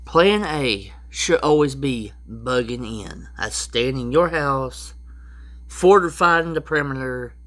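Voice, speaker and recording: A man's voice: mid-range voice, lively intonation, slow, a bit bright. A man giving rambling, casual how-to advice as a prepper vlogger, with frequent restarts and asides.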